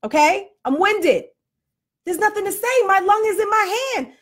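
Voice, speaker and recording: Woman vlogger, high voice, animated self-mocking rant, slightly winded post-workout. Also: normal speed. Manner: animated, self-deprecating, laughs often. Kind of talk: casual comedic rant to camera.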